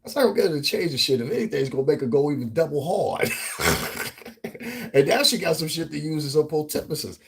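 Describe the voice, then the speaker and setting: A man from the Northeastern United States giving a casual, profane commentary rant as a vlogger, animated and often laughing. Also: a little high, brisk, creaky, breathy edge.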